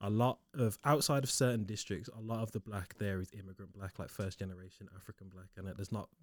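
A man's voice: lowish voice, fast talker, no echo, studio quality. A man, arguing animatedly and laughing in a casual podcast chat. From Liverpool, England. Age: 20s. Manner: animated, argumentative, laughing, London-style slang. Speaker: podcast co-host.

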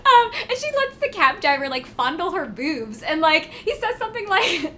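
A woman's voice: extremely high pitch, moderate pace. A young adult woman co-hosting a podcast, chatting casually and giggling as she retells a book. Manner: giggly, animated storytelling. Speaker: podcast co-host. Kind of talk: casual chat about a book.

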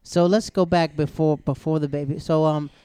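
A man's voice: fairly high pitch, steady tone, normal speed, dark tone, smooth, no room sound. A man hosting a casual interview, asking teasing questions and laughing easily. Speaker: host.

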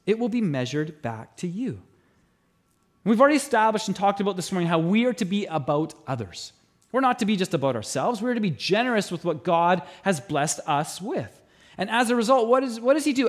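A middle-aged man preaching a sermon as pastor, telling stories with animated delivery and acting out voices. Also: sits high. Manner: animated storytelling, mimics voices in anecdotes. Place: church auditorium.

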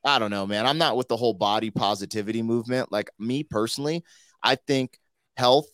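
A podcast host with a medium-pitched, fairly bright voice talks briskly on a clean studio recording without echo. His casual banter is slangy and relaxed, constantly using "like" and "you know."

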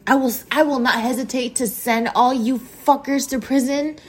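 A woman's voice: high-pitched, steady tone, moderate pace, husky, soft background music. Profane rambling woman podcaster. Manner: gives shout-outs to listeners. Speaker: podcast host. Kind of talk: casual monologue.

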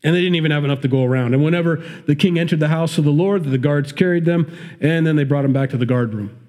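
A man's voice: fairly high pitch, fast talker, darkish tone. A man with a Midwestern accent preaching a sermon, reading scripture and breaking off into conversational, emphatic commentary. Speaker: pastor.

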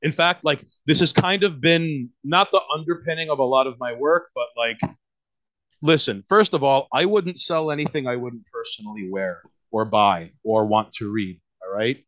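A man with a New York accent talks at a moderate pace in a mid-range, slightly bright voice. As a podcast guest he rambles casually, leaning on fillers, restarts and plenty of swearing.

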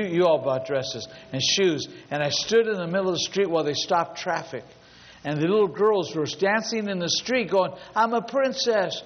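A man preaching a sermon as a pastor, telling stories emphatically and building long repetitive lists. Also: high-pitched. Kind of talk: storytelling sermon. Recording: dull lo-fi sound with long hall reverb.

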